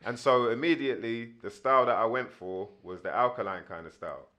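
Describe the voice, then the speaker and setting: A man's voice: medium pitch, a little fast, fairly bright tone. A man in his thirties, a guest rapper telling rambling stories in a casual interview, full of fillers.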